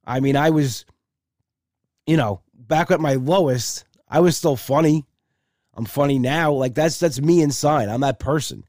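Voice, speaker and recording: A man's voice: a little high, a little slow, a little mellow, dry recording, studio quality. A male comedian telling a story casually and chattily, acting out both sides with repeated "I said".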